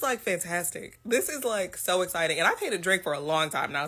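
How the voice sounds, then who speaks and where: A woman talking casually in an excited, gushing way, laughing between remarks. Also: fairly low pitch, normal speed, hardly any pauses. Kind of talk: casual opinion video.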